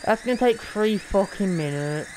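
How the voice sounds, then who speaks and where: A woman's voice: fairly low pitch, background noise. A woman with an Australian accent giving casual, profane, rambling commentary while streaming a game. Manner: profane, rambling, slangy banter.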